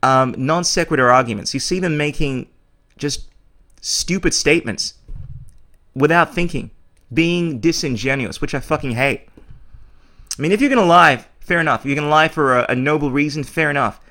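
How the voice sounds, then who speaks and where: Blunt ranting man, somewhat high voice. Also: normal speed, bright, forceful tone. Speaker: podcast host. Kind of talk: opinionated monologue.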